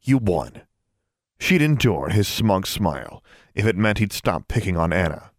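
A man narrates a novel in steady storytelling. His voice sits low, with a lively rise and fall. The recording is dry and close. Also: normal speed, no echo. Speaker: audiobook narrator. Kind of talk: scripted narration.

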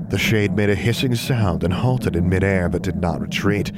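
A man narrating a story in a steady, even reading voice. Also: low-pitched, moderate pace, heavy background noise. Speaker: audiobook narrator. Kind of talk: scripted narration.

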